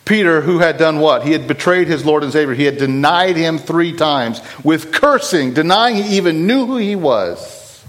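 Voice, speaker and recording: Impassioned male preacher, slightly high voice. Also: animated, measured pace, fairly bright tone, poor audio. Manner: blunt, impassioned, rising to urgent emphasis. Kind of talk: sermon.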